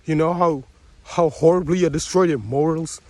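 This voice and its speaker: High-voiced man ranting, profane. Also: steady tone, moderate pace, darkish tone, no room sound. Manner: angry, profane, rambling rant with mocking put-on quotes. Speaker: vlogger. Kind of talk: ranting monologue to camera.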